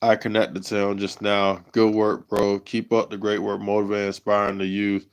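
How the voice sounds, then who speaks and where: A man hosting his own livestream, talking emotionally in halting, repeated phrases. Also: fairly low pitch, monotone, smooth. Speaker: livestream host.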